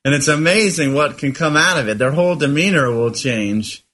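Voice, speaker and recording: Earnest guy co-hosting a spiritual podcast, bright punchy voice, reflective, hunts for words. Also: a little high, moderate pace. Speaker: podcast co-host. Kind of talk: casual spiritual discussion.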